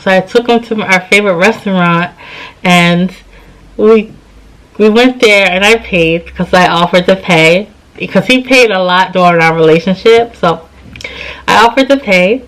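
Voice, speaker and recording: A woman in her thirties tells a personal story in a relaxed, chatty way. She sounds tired and acts out what each person said. Her voice sits at an ordinary middle pitch. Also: rough recording. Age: 30s. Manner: chatty, retells scenes with quoted dialogue. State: tired, yawning. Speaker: vlogger. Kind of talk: casual storytime.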